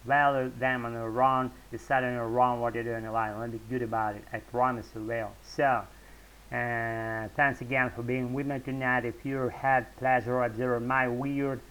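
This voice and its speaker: A man from Russia with a Russian accent, speaking English as a second language in a casual, halting monologue to camera, full of fillers and restarts. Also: mid-range voice, level tone, a bit bright, poor audio. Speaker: English-learning vlogger. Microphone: talking-head camera.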